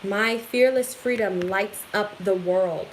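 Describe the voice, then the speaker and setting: A woman giving an excitable, affirming tarot reading straight to her viewers in a casual home recording. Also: medium pitch, slow, slight background noise, rough recording. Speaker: tarot reader.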